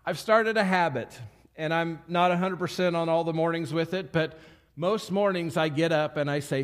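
A man's voice: fairly high pitch, normal speed. Earnest man preaching a sermon. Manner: earnest teaching, repeats key phrases, draws the congregation in. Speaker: pastor.

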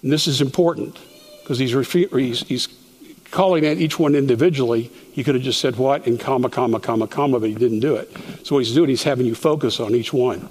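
A man at a middle pitch leads a verse-by-verse Bible study and explains each phrase to his group. He often breaks off and restarts a word. His voice carries a long reverb, as if recorded in a church hall. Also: a little fast, a little mellow, husky. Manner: explanatory, stops to restart words.

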